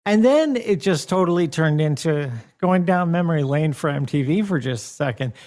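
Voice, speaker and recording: A man's voice: a little high, lively intonation, normal speed, a little mellow. A man guest chatting casually, easygoing and rambling, laughing along. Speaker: guest, program director. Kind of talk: casual chat.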